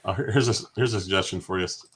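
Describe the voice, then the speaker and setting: A man co-hosting a casual gaming stream chat, easygoing and relaxed. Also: low voice, fast talker, breathy edge. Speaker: co-host.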